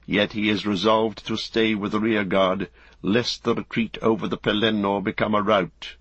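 A man voicing an old male wizard, grave and commanding, with a measured, solemn delivery. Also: on the low side, level tone, fairly bright tone, breathy edge, dry recording, dull audio.

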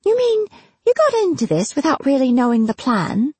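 A woman voicing a brisk, blunt woman officer in a storybook, speaking matter-of-factly with a slightly condescending edge. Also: sits high, big pitch swings, a little mellow, slightly rough, dry recording, voice pushed up, heavily acted.

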